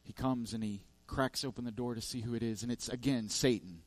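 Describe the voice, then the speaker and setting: Speaking briskly in a mid-range voice, a man delivers a sermon that tells a parable. He restarts often and drives his points home with emphatic, repetitive lists.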